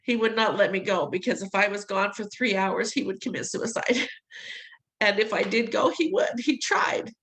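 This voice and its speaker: A woman's voice: mid-range voice, lively intonation, normal speed, a bit bright, poor audio. A middle-aged woman telling a personal story in an interview, acting out the voices she quotes and laughing between lines. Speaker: interview guest.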